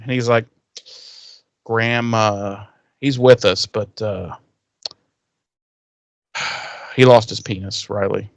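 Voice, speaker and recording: A man's voice: lowish voice, takes it slowly, vocal fry, long pauses, dry recording. A man co-hosting a podcast, casually retelling a TV episode with lots of swearing and quoted lines. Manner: profane, animated retelling with quoted character lines. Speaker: podcast co-host. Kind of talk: casual recap chat.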